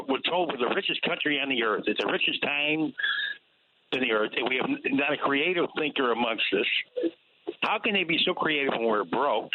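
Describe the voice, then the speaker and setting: A man calling in to a radio show, talking emphatically and asking rhetorical questions. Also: medium pitch. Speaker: caller. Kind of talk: call-in radio talk. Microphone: telephone. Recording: tinny phone line with faint hiss.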